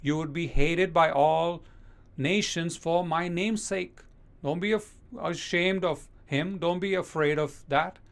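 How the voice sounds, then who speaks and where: A man preaching a sermon as pastor, speaking emphatically and slowing down to read scripture verses aloud. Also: a little high, vocal fry.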